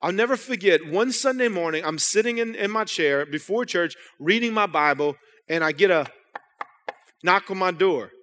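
A young male pastor delivers a sermon in a storytelling, conversational way, speaking as though to friends and frequently restarting his sentences. His voice is fairly high for a man, a bit bright, and animated at a moderate pace. The church sanctuary adds a long, trailing hall reverb.

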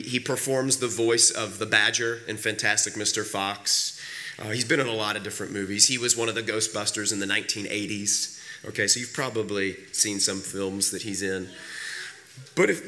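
A man preaching in a church while he gets over a cold, his voice lowered and a bit rough. He talks in an easy, conversational way and often restarts words. His tone stays low but bright and forceful. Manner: casual and conversational, with frequent fillers and repeated words. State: recovering from a cold, voice lower than usual. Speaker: pastor. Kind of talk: sermon. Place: church sanctuary.

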